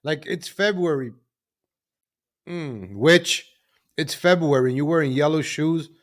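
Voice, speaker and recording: Male host, sarcastic live commentary, voice a touch high. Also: a little slow. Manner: mocking, sarcastic running commentary.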